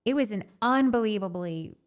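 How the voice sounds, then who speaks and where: A woman in her thirties, a podcast co-host, telling a candid personal story in an animated way and saying "like" often. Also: medium pitch, moderate pace.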